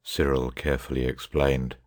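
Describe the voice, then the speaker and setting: A man narrating an audiobook chapter in a measured, even way. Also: rumbling low.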